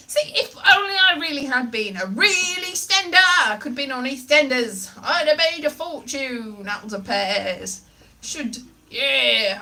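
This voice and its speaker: Playful, high-voiced woman. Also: lively intonation, moderate pace, bright, forceful tone. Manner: playful and silly, slipping into put-on voices and nonsense sounds. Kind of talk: comic rambling chat.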